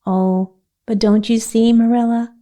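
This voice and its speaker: A woman voices an imaginative orphan girl in a storybook, raising her voice above the narration. The girl talks with high drama, pleading and emotional, and the tone stays mellow. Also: steady tone, a little slow, natural voice. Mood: hopeful.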